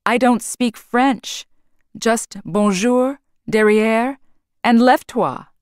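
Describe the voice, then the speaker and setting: A woman's voice: fairly high pitch, slow, clear, resonant tone, no room sound, clean studio sound, pitched above the performer's own voice. A woman doing a timid pleading young boy. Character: anxious polite young boy.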